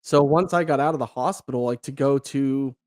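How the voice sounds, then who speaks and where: A young man tells a personal story as a podcast guest, acting out the other people's lines and laughing along. He talks casually and swears freely, with a voice of ordinary male pitch. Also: fairly quick. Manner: animated, acts out quoted dialogue, laughs, swears casually.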